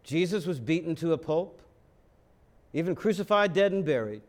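Dramatic preacher man, higher voice. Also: expressive, moderate pace. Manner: dramatic, rhetorical questions, acts out voices. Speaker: pastor. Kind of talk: sermon.

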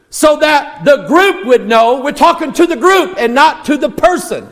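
A man preaching with a high-pitched voice, pressing his points with rhetorical questions and sudden near shouts. His voice rings out with the long reverb of a big hall. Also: expressive, unhurried, few pauses. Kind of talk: sermon.

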